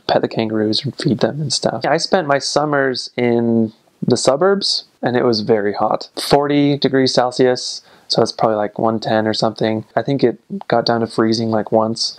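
A man's voice: medium pitch, gravelly. An American man talking casually in a vlog, rambling with lots of "like" and "I don't know". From United States. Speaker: vlogger.

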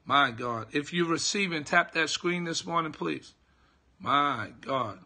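A middle-aged man, a pastor, teaching a devotional slowly and repetitively, checking that listeners follow and greeting viewers by name. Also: fairly high pitch, expressive, pushed and bright. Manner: slow, repetitive teaching with call-and-response checks. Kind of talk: live-streamed devotional teaching.

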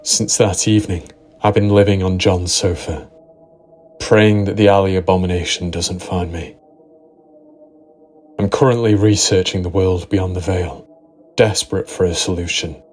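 A man narrating a first-person horror story in a steady, dramatic storytelling manner. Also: deep voice, moderate pace, long pauses, soft background music. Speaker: narrator and writer.

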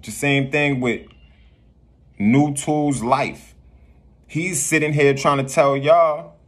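Husky-voiced guy ranting about life and spirit, swears a lot, keeps repeating stuff. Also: a little high, fairly even intonation, slow, a bit bright. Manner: profane, preachy, repeats himself. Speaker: vlogger. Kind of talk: rambling spiritual rant.

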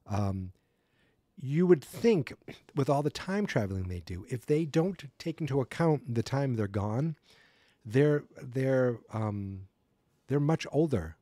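Man, podcast host, casual recap, rambling, self-correcting, mellow tone, dry close sound. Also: mid-range voice, lively intonation, takes it slowly, no room sound. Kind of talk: casual solo episode recap.

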